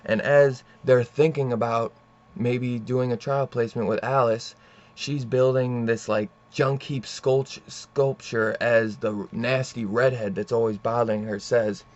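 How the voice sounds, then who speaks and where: A man's voice: mid-range voice, steady tone, a little slow, a little mellow, highs cut off. A young man casually retelling a comic plot, rambling and swearing, full of fillers and asides. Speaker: comic book reviewer. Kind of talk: casual comic book review.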